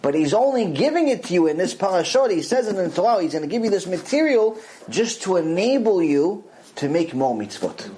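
Animated man teaching a Torah lesson. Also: high-pitched, fairly quick, rough recording. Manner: animated, acts out God's voice in quotes, repeats phrases for emphasis. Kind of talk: lively religious lecture.

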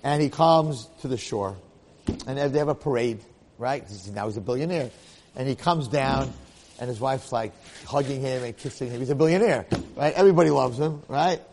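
A man giving a Torah lecture, telling a parable in an animated way and acting out the characters' lines. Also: medium pitch, moderate pace, long reverb tail, a little hiss or hum. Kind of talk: storytelling lecture.

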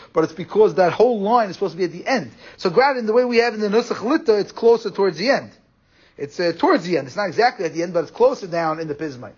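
Fast-talking rabbi, high lively voice. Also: male voice, breathy edge. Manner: quick, animated explaining, mixes Hebrew and Yiddish learning terms. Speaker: rabbi giving a class. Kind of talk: Torah class lecture. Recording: muffled lo-fi recording.

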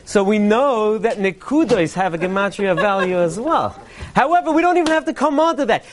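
A man delivering a parody Purim sermon, a mock-earnest preacher cadence and deadpan punchlines. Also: sits high, brisk, crowd noise. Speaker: comedian delivering a mock Purim Torah speech.

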